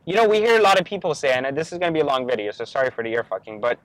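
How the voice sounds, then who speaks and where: A man's voice: medium pitch, very fast, dry recording, low-quality recording. A young adult man answering viewer questions about business, telling a story with lots of fillers in a casual motivational monologue. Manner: storytelling, lively, many fillers like "like" and "uh".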